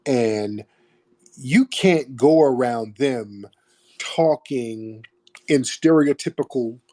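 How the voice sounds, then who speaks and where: A man's voice: mid-range voice, takes it slowly, dark tone. A man hosting a call-in stream, talking in an emphatic, preachy way and repeating phrases for stress. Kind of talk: opinionated call-in commentary.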